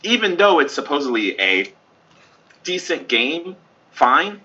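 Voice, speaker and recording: A man chats casually on a gaming podcast, ranting with lively asides. His voice is very bright and a bit husky. The audio is somewhat dull and lo-fi. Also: fairly high pitch. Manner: animated, ranting, quick asides. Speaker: podcast co-host. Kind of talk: casual chat.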